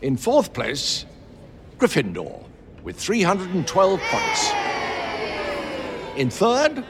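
A man's voice: sits high, huge pitch swings, slow, background noise, full character voice. A man voicing a whimsical, wise old male headmaster giving a playful, rambling speech. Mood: genial. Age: older.

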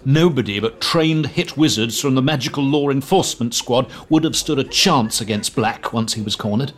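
An actor playing a fussy, self-important middle-aged government minister recounting events earnestly. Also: male voice, mid-range voice, normal speed, lightly acted. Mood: grave.

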